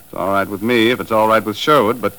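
An actor playing a dry, laconic boat captain who narrates a 1950s radio drama, heard in an old broadcast recording with music behind him. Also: male voice, lowish voice, fairly even intonation, quick pace, a bit bright, lightly acted. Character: easygoing boat captain narrator, adult man.

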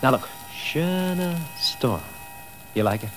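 A salesy, excitable Hollywood publicity man, played by a man in a 1950s radio drama. His pitch swings all over as he makes his pitch. Faint music hums under the old recording. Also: fairly quick, lightly acted. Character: pushy fast-talking male Hollywood publicity man.

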